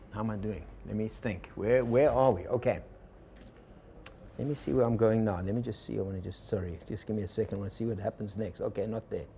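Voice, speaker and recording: This workshop lecture on personal change comes from a male organizational consultant who spins a fable, speaks characters' inner voices, and asks the audience questions. His lowish voice is creaky and mellow, fairly quick, and there's a faint hiss or hum.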